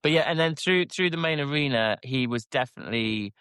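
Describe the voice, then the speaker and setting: A man's voice: on the high side, lively intonation, fairly quick, a bit bright, smooth, dry recording, studio quality. A man, a rider guest on a podcast, telling his story animatedly, self-deprecating, with lots of restarts. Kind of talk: casual interview chat.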